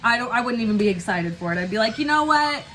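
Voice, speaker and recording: A woman co-hosting a casual chat, animated and quick to act out what others said. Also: medium pitch. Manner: animated, quotes people in exaggerated voices, laughs a lot. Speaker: co-host.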